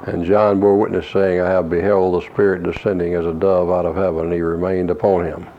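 A man preaching an expository Bible lesson, reading verses slowly and explaining Greek words in a measured way. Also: deep voice, little pitch movement. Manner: slow, measured reading of scripture with Greek word study. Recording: dull lo-fi recording with faint hiss.

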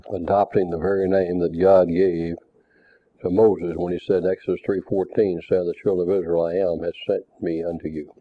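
A man preaching a Bible lesson, measured and reading scripture passages aloud. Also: deep voice. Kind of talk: Bible teaching. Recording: tinny phone-like recording.

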